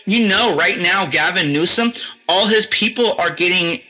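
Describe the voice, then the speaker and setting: American guy ranting loose and sweary, high bright voice. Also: moderate pace, rough recording. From United States. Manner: rambling and profane, many restarts. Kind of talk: casual chat.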